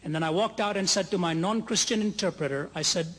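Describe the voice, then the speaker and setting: A man's voice: sits high, fairly bright tone. Man, preacher, earnest storytelling, rising to fervent peaks, reverberant hall. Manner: earnest storytelling, slows for emphasis, builds to soaring climax. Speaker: evangelist preacher. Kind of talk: sermon to a large gathering. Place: large conference hall.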